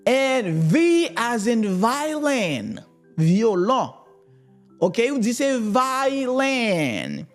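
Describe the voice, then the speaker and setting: A woman with a Haitian accent teaching the alphabet, repeating each word and switching between English, French and Creole. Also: a little high. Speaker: language teacher. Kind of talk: alphabet lesson for learners.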